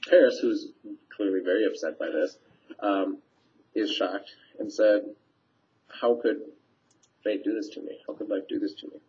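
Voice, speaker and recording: A teacher talks students through a play scene in a relaxed, conversational way. His man's voice sits on the low side. The recording is dull and lo-fi, as from a webcam microphone. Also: unhurried. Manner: conversational, paraphrasing lines with fillers. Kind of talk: casual scene summary for students. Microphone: webcam mic.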